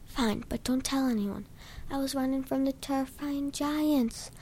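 A woman's voice: high voice, a little slow, dark tone, slight background noise, voice pushed up. A woman doing a timid, whispering runt giant. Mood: fearful. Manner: whispered, nervous. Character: huge timid runt giant, fearful and hushed.

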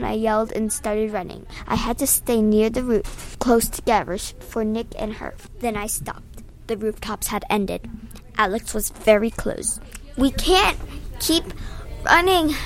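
A woman reading her own adventure story aloud, lively, raising her voice for the shouted lines, with small slips and restarts. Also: fairly high pitch, vocal fry.

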